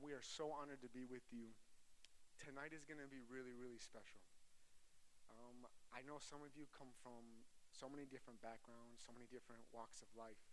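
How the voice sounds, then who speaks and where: Man, 30s, preacher, very bright tense voice, a bit high, joking then earnest, large hall. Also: slight background noise. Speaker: traveling preacher. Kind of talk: sermon to a live audience.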